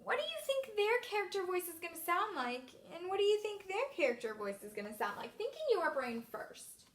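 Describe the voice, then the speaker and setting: A woman's voice: very high-pitched, very animated, a little fast, roomy sound, a little hiss or hum. A woman teacher giving an encouraging, sing-song reading lesson to young children.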